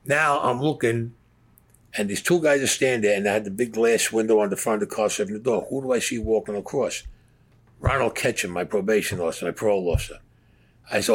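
A man's voice: on the low side, brisk. Blunt, profane New man. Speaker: interviewee. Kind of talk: storytelling.

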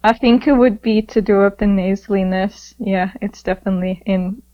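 A woman's voice: medium pitch, steady tone, moderate pace, highs cut off. A woman, a guest comic artist giving brief, playful answers. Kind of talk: casual remote interview. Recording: crowd noise behind.

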